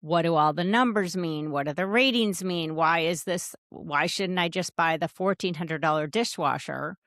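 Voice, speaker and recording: Wry, low-voiced woman podcast host. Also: normal speed, fairly bright tone, no echo, clean studio sound. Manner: chatty, wry, self-deprecating. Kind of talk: casual storytelling monologue.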